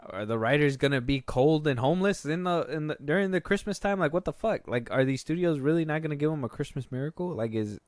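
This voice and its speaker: A young man co-hosting a podcast in casual chat, rambling and getting animated when he jokes. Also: a little high, fast talker, no echo, clean studio sound. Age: young adult. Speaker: podcast co-host.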